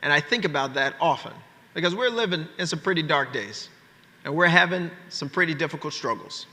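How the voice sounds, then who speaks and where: A man's voice: on the high side, lively intonation, a little fast, sharp tone. Fiery man in a big echoing hall. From Memphis, Tennessee, USA. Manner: fiery call-and-response, rhythmic repetition. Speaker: keynote speaker, state legislator. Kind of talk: political rally speech. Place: large conference hall. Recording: long reverb of a big conference hall.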